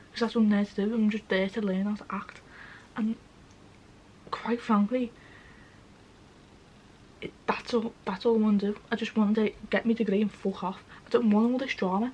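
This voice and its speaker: Speaking at normal speed with fairly even intonation, a young woman in a darkish mid-range voice tearfully tells the camera things in a sweary, frank way, her voice breaking as she repeatedly asks "do you know what I mean." The sound is muffled with slight background noise.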